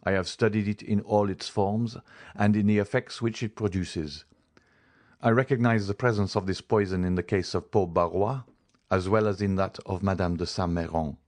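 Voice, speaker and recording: A man playing a stern, deep-voiced doctor. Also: steady tone, a little mellow, natural voice. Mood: grave, insistent. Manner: measured, insistent explanation. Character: grave, stern male doctor. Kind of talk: audiobook character voice.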